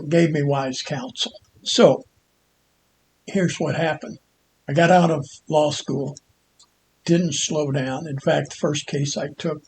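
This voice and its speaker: An older man, a lawyer, telling a personal story in a halting monologue with frequent restarts and pauses. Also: a little high, a little hiss or hum. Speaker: Christian commentator and lawyer.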